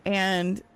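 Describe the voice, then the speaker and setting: A woman streamer chatting casually with her viewers while gaming, retelling a story in an animated way with frequent laughs. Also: medium pitch, clean tone.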